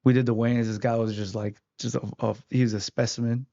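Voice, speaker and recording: A man's voice: medium pitch, flat delivery, fast talker, creaky, mellow. Guy telling fight stories on a podcast, lots of likes, kinda dull lo-fi sound. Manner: rambling, lots of "like" fillers. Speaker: interview guest, fighter. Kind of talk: casual storytelling.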